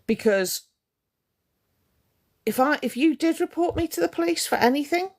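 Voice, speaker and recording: Gravelly woman on a heated live-stream rant. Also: high voice, expressive, normal speed. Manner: confrontational, indignant, repeats for emphasis.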